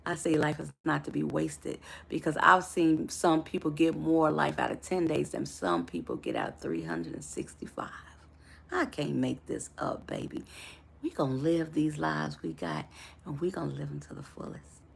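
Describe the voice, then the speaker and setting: A woman's voice: deep voice, big pitch swings, moderate pace, gravelly, husky. A woman life coach giving a motivational live talk to her viewers, affectionate and preacher-like in her encouragement.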